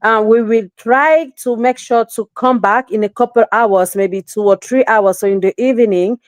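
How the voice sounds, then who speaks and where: A woman hosting a live panel, moderating in a friendly, halting way. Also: fairly high pitch, no room sound, studio quality. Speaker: host.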